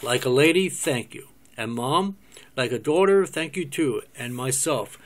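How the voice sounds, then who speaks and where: A man's voice: mid-range voice, animated, measured pace, a little hiss or hum, natural voice. A scheming eight-year-old girl who talks with sly, knowing confidence, read by a man in a cold reading. There is little voice change, so it stays close to an ordinary man's speech. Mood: mock polite.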